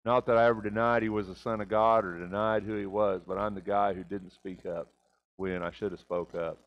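Man, preacher, church sermon, loud bursts and hushed confessions, dull lo-fi sound. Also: little pitch movement, fairly quick. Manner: swings from loud, high emphatic bursts to quiet low confessions. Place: church sanctuary.

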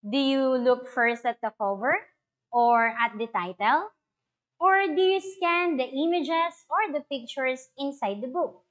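A woman teacher with a Filipino accent, giving an online lesson and reading a story aloud, asking pupils questions. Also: sits high. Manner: slow, careful, questions to pupils.

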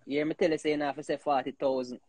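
A man with a Jamaican accent talking in patois in a rambling, animated casual chat, leaning on "you know" again and again. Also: on the high side, rapid-fire, dry recording.

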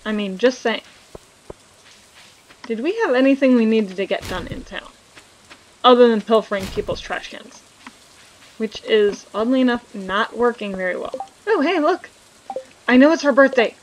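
A woman's voice: a little high, lively intonation, normal speed, long pauses, slight background noise, rough recording. A woman hosting a casual let's play, chatting and joking with viewers as she plays. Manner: reads game dialogue aloud. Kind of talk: casual gameplay commentary.

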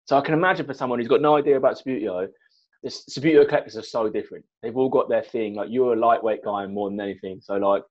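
A man chats and teases his friends in a casual podcast over a video call. His voice is mid-pitched for a man. The audio comes through dull and lo-fi. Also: fast. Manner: chatty, teasing banter.

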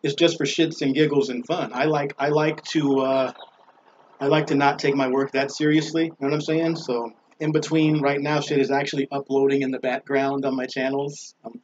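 A man's voice: medium pitch, flat delivery, moderate pace. A man hosting his own vlog, ranting casually in a loose, profane, laughing way. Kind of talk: casual rambling rant. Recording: dull lo-fi with faint noise.

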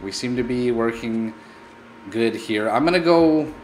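A man's voice: mid-range voice, unhurried, slight background noise. A man hosting a let's play, narrating his gameplay with playful, mock-scared melodrama. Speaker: gaming channel host.

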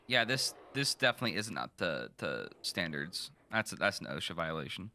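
A young man playing a horror game, joking, swearing and reacting loudly in casual commentary. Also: on the low side, sing-song, normal speed. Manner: joking, profane, loud reactions. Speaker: gaming streamer. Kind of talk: casual let's-play commentary.

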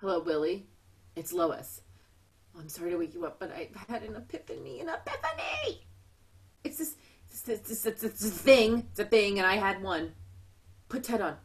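A woman's voice: mid-range voice, moderate pace, natural voice. A woman voicing a boozy, dramatic woman on the edge, read over a video call. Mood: theatrical. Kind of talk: Zoom play reading.

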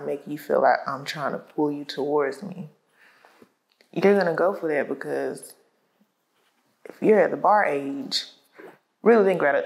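A woman's voice: sits low, creaky, low-quality recording. A woman co-hosting a podcast, talking casually and thinking aloud as she explains her views. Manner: conversational, thinks aloud with fillers. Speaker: podcast co-host. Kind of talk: casual conversation. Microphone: lapel mic.

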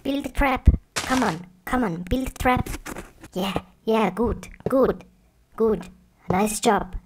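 A man voicing an excited little pig who cheers a friend on and repeats his words. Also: high-pitched, slow pace. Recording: noisy amateur recording.

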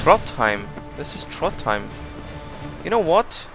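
A man hosting a let's play, giving casual commentary full of excited exclamations and rambling asides. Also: medium pitch, measured pace. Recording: commentary over loud game music. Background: game music.

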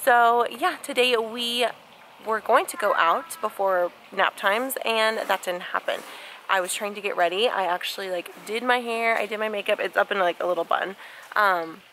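A young woman with a bright, clear voice talks to her vlog audience in a loose, chatty way while she recovers from a cold. She is recording outdoors on a handheld camera. A faint outdoor ambience sits underneath, and her pitch stays in a middle range. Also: moderate pace, low-quality recording. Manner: chatty and conversational. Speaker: vlogger. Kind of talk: casual vlog chat. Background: faint outdoor ambience with wind.

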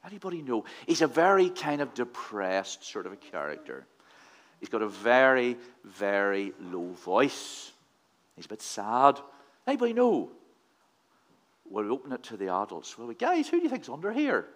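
In a mid-range voice that is a bit bright and swings widely in pitch, a man gives a children's address at church at normal speed. He keeps it playful, asking the children questions.

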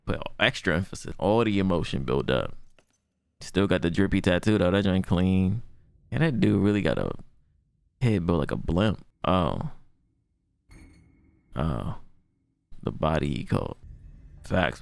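A man's voice: low voice, creaky, no echo. A man hosting an anime reaction channel, talking in loose, slangy, profane commentary and laughing often.

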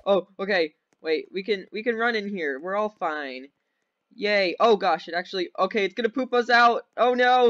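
Young man, gameplay commentary, rambling and excitable, high voice, muffled lo-fi audio. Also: normal speed. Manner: rambling, giggly, easily excited. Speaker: gaming video host. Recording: dull lo-fi sound.

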